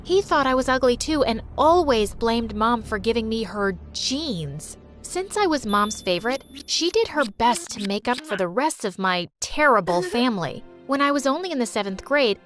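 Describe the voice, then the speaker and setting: A woman narrating an animated storytime in a scripted, expressive way. Her fairly high voice rises and falls a lot. Soft music plays faintly behind her. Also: moderate pace, hardly any pauses. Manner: expressive, dramatic.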